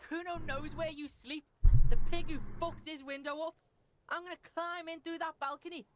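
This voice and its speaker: A woman's voice: sits high, fairly even intonation, moderate pace, fairly bright tone. A woman voicing a belligerent, foul-mouthed street kid boy in a video game, taunting and swearing constantly. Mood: aggressive. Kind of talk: video game character dialogue.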